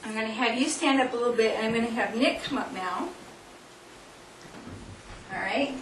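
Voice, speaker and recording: A woman with a fairly high voice runs a hands-on demonstration in front of an audience, coaxing volunteers and laughing often. She is heard from far off in a roomy, echoing hall. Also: normal speed, a bit bright. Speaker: seminar speaker. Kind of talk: live workshop demonstration. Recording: distant, echoey room recording with noise.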